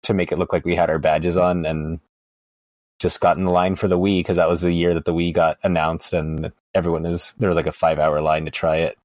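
Deep-voiced deadpan man, podcast guest. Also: a little fast, no echo. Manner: dry, deadpan storyteller. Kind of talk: casual chat.

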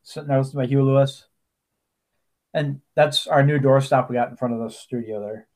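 A man's voice: mid-range voice, steady tone, fairly quick, darkish tone. A man co-hosting a podcast, talking casually and telling stories with plenty of asides and restarts. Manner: chatty storyteller, many restarts and asides. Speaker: podcast co-host. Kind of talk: casual chat.

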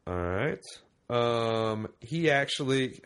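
A man's voice: medium pitch, expressive, slow, fairly bright tone, clear, resonant tone. A sick man hosting a podcast, rambling casually, swearing and laughing easily. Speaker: podcast host. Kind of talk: casual chat.

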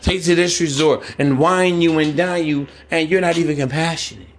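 A man's voice: a little high, fairly quick. A man hosting a podcast, giving a blunt, preachy monologue full of slang and mocking put-on voices. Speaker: podcast host. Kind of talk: casual monologue.

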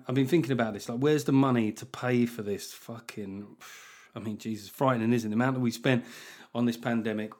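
A male comedian riffing on his podcast in a sardonic, sweary, animated monologue. His voice sits in an average pitch, and he laughs at his own jokes as he goes.

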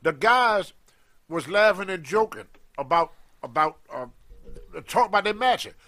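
An older man, a guest telling an animated story and acting out the people in it. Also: high-pitched, measured pace. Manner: animated storyteller, acts out quoted voices. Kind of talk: storytelling in a podcast interview.

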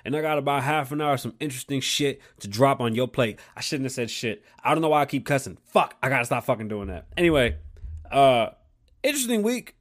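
A man's voice: mid-range voice, lively intonation, fast talker. A man hosting his own talk show, ranting bluntly with constant cussing and a combative edge. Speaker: podcast host. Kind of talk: profane opinion rant.

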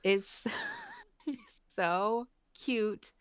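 A woman's voice: mid-range voice, huge pitch swings, very slow, clear, resonant tone. A young woman co-hosting a casual book podcast, gushing and giggling as she reads favorite quotes aloud. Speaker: podcast co-host.

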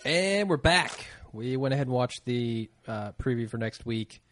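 A man's voice: medium pitch, expressive, measured pace, loud music behind the voice. Laid-back man co-hosting a podcast. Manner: laid-back, laughs easily, blunt. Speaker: podcast co-host. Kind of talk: casual podcast chat.

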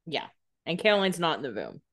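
Wry young woman with a lowish voice. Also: huge pitch swings, fairly quick, fairly bright tone. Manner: wry, sarcastic asides and laughter. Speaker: podcast co-host. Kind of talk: casual recap chat.

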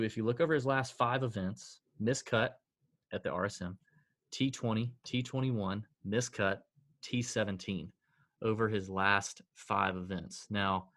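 A man's voice: medium pitch, a bit bright. A man co-hosting a casual podcast, reeling off stats with sighs and dry self-mockery. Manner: stat-heavy, sighing, self-deprecating. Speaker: podcast co-host. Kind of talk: casual sports betting chat.

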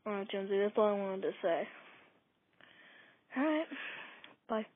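A woman's voice: medium pitch, expressive, moderate pace, slight background noise. A woman leaving a short voicemail for a show, with hesitant fillers and emphatic praise. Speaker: caller. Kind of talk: voicemail call-in. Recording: dry tinny phone line.

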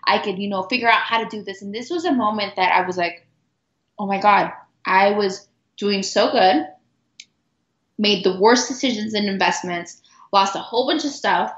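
A middle-aged woman guest telling a personal story earnestly, with halting restarts and repeated words. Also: medium pitch, fairly bright tone. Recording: roomy, dull lo-fi sound.

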